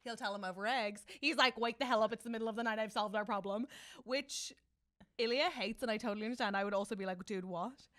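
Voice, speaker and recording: A woman co-hosting a podcast, chatting casually and animatedly about a TV show, swinging from loud excitement to soft, tender quoting. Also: on the high side, fast talker, no echo. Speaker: podcast co-host. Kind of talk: casual chat recapping a TV show.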